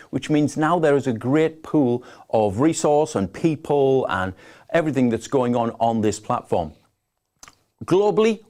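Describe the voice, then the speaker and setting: A man's voice: mid-range voice, dark tone. Chatty northeast English man hosting a webinar. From northeast England. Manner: chatty, enthusiastic, reads out viewer locations. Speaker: webinar host. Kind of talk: live webinar presentation. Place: home office.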